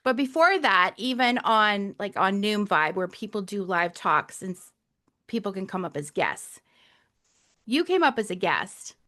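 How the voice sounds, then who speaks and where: A woman hosting a casual podcast interview. Her voice is bright and clear at a middle pitch, and she sounds encouraging as she leads her guest with questions. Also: expressive, unhurried. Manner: encouraging, asks leading questions. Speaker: podcast host.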